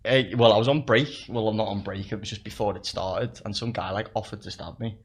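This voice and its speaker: This young man is a podcast guest telling stories in casual chat, swearing and laughing along at his own tales. His voice is lowish, husky, and brisk with a steady tone.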